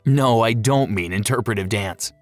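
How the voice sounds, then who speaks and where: A man's voice: lowish voice, normal speed, faint music behind. A man giving scripted narration for a pet-care video, playful and fond of jokey asides.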